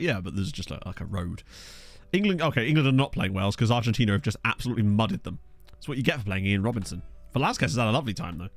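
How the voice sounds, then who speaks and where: A young man casually commenting while streaming a football management game, thinking aloud and thanking viewers. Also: mid-range voice. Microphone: desk USB microphone.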